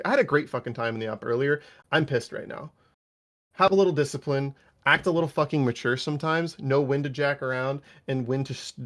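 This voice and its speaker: A man on unit staff giving a stern after-action debrief over voice chat. He scolds bluntly and swears. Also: medium pitch.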